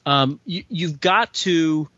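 A man's voice: on the high side, slow pace, bright, forceful tone, no echo. A man in his forties, a writer being interviewed, talking casually and enthusiastically with frequent restarts. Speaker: comic book writer guest. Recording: dry, slightly dull sound.

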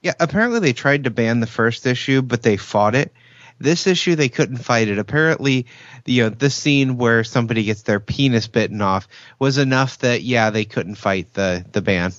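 A man's voice: medium pitch, normal speed, dry recording. A man co-hosting a casual chat, speaking hesitantly with many fillers. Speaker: podcast co-host. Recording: dull lo-fi sound.

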